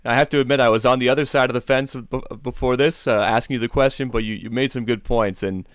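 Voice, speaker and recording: Brief: male radio host, dry close sound, calm measured questions. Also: mid-range voice, dry recording. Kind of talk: interviewer questions.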